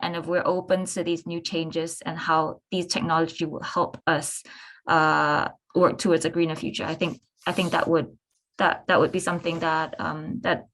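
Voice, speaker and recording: Young woman on a panel, kinda hesitant, lots of ums and restarts, lowish voice. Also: level tone, normal speed, fairly bright tone. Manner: hesitant, many restarts and fillers. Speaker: artist on a panel. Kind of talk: live panel discussion answer.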